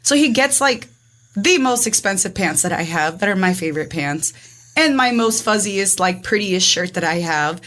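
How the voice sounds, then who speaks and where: A woman in her twenties telling her own story in casual chat, rapid and animated, acting out what everyone said with lots of "like". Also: mid-range voice. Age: 20s. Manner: rapid, animated, acts out dialogue with frequent "like". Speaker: guest.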